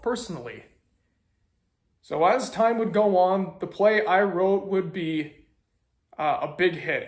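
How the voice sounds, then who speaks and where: A young man casually telling a story as a video host, animated with sarcastic asides. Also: high voice, echoey room.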